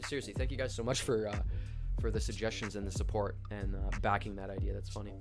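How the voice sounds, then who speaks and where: A young man from Canada hosting a live stream, chatting excitedly in slang and greeting viewers by name. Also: on the low side, quick pace, over music. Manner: hyped, slangy, shouts out chat viewers by name. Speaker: livestream host. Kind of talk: casual live stream chat.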